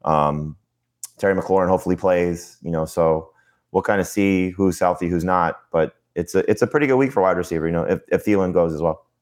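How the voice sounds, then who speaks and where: Co-host, male, very low voice, quick rambling delivery full of fillers. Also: darkish tone. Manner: quick, rambling, heavy with "you know" and restarts. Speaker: podcast co-host, fantasy analyst. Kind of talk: casual podcast talk.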